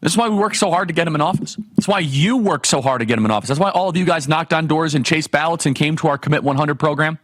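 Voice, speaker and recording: A man's voice: a little high, fast, hardly any pauses, no room sound. Emphatic man hosting a political talk show. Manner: emphatic, rhetorical questions, animated. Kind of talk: fiery political commentary monologue.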